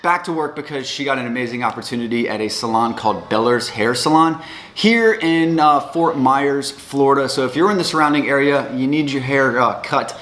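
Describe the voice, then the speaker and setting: A relaxed man in his thirties talks to camera as a fitness coach and vlogger. His voice sits at a middle pitch, with a faint hiss of noise in the background. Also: brisk. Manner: relaxed, chatty, with fillers. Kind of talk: casual vlog chat.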